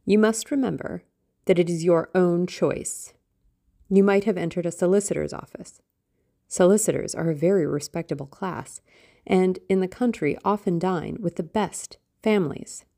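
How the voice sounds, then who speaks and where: A woman's voice: on the low side, normal speed, gravelly, dark tone. A woman voicing a fretful, affected middle-aged mother who was once a stage actress, with a theatrical, self-pitying manner.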